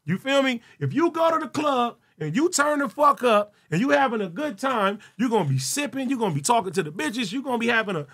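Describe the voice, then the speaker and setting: A man hosting a solo livestream, talking loud and profane with frequent laughter. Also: very high-pitched, big pitch swings, a little fast, few pauses. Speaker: livestream host. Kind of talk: casual solo livestream chat.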